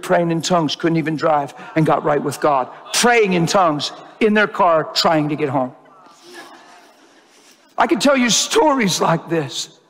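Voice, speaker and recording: A man preaching a sermon, telling stories in an animated, emotional way and acting out the people he quotes. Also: a little high. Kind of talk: sermon storytelling. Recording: long hall reverb.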